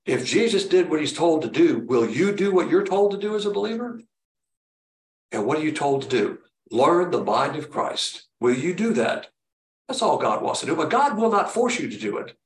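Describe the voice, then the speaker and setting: A man preaching a sermon in a plainspoken way, firing off rhetorical questions and acting out quotes. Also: on the high side. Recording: roomy echo, distant mic.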